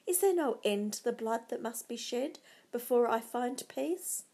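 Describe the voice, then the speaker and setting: A woman's voice: on the high side, expressive, a little slow, warm tone. A woman reading a storybook, voicing a tormented, guilt-ridden male king who broods and then roars. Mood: anguished.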